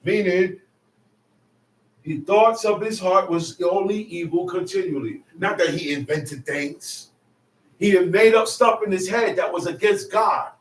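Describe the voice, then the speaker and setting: A man preaches in a fairly high voice that is casual and conversational. He now and then bursts into shouts for emphasis. The sound is roomy and a little distant from the mic. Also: unhurried. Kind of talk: sermon.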